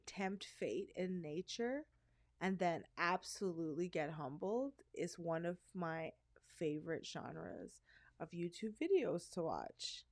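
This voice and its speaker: A woman from Canada co-hosting a podcast, telling stories in a candid, animated, casual way. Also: lowish voice. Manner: candid, animated storyteller who slips into voices. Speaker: podcast co-host. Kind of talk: casual chat.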